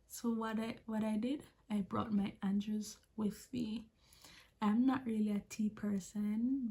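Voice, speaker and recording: A woman's voice: mid-range voice, mellow, breathy edge. A young woman with a Jamaican accent giving chatty, emphatic advice in a casual vlog, often repeating her key points. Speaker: vlogger.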